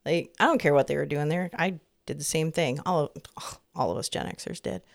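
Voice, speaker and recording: A woman's voice: sits low, moderate pace, gravelly. A woman in her fifties co-hosting a podcast, chatting in a rambling, easygoing way and laughing often. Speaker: podcast co-host. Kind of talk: casual chat.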